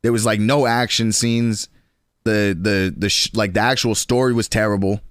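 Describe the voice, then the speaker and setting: A young man in his twenties chatting casually on a stream, slangy and rambling, with quick restarts. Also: lowish voice, steady tone, no echo, clean studio sound.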